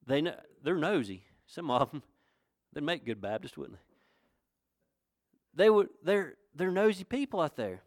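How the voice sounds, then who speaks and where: A man's voice: on the high side, big pitch swings, measured pace, dry recording, studio quality. A man pastor from North Carolina with a Southern accent, preaching a sermon in a folksy, conversational way that rises to emphatic questions. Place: church.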